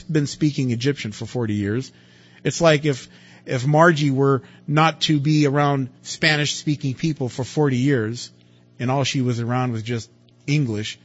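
A man preaching a sermon in a conversational way, asking rhetorical questions and swinging from loud to quiet. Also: mid-range voice, husky. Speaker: pastor. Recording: dull lo-fi recording with faint music.

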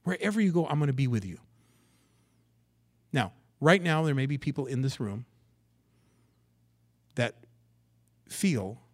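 Dynamic male preacher. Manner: dynamic preaching, swinging from loud emphasis to hushed low lines. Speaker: pastor. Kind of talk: sermon. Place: church sanctuary.

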